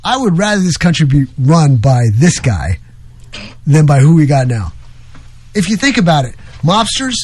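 A man's voice: fairly high pitch, big pitch swings, moderate pace, darkish tone, husky. Rambling jokey male talk-radio host. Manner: rambling, jokey, self-deprecating. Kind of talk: casual talk radio banter.

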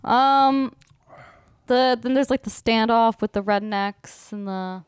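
A woman co-hosting a horror movie podcast, chatting casually and agreeing with quick enthusiasm. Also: on the high side, clear, resonant tone, no room sound, studio quality. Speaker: podcast co-host. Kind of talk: casual movie-review chat.

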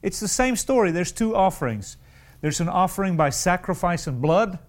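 A man preaching a sermon, with repeated words and restarted phrases, and sudden rises in pitch. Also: animated, normal speed.

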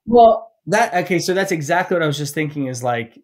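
A man hosting a podcast interview, thinking aloud and reflecting in a casual, searching way. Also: a little high. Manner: reflective, thinks aloud, quick reactions of awe. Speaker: podcast host.

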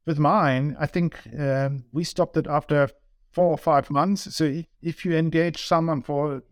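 A middle-aged man with a German accent, a business owner talking as a guest in a casual interview, halting and repeating words with many ums. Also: a little high, steady tone, clear, resonant tone, no echo, clean studio sound.

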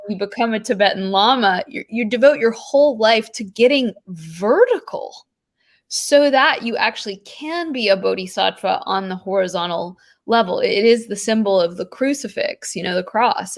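A woman talks about inner practice in a long, earnest ramble. Her voice sits at a middling pitch and she leans on "like" and "you know" as she searches for words. She restarts her phrases often and keeps a steady, musing flow. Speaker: podcast guest. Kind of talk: spiritual conversation.

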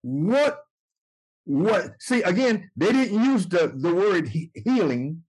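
A man preaching and teaching from the Bible, emphatic and slow to repeat scripture lines. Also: sits high, very animated, a little mellow, husky, poor audio. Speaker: apostle and preacher.

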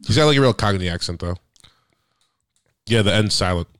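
A man's voice: on the low side, animated, fairly quick, a bit bright, no room sound, studio quality. A young man joking and rambling in casual chat as a podcast co-host.

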